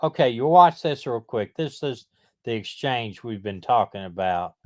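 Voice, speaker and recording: A man's voice: mid-range voice, lively intonation, normal speed. A man hosting a casual livestream chat, blunt and often restarting his sentences. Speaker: livestream host, retired detective.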